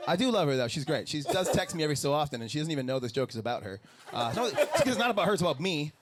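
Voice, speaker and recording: A man's voice: a little high, very fast, very noisy. A man in his thirties from the Minneapolis area, performing a live stand-up set and acting out the people in his stories. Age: 30s. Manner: animated storytelling, acts out coworkers and customers. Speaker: stand-up comedian. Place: outdoor live comedy show with audience laughing.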